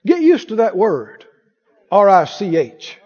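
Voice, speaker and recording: A man's voice: high-pitched, very animated, a little slow, darkish tone. A man preaching a sermon as pastor, with fervent, repeated declarations. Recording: dull sound in a reverberant hall.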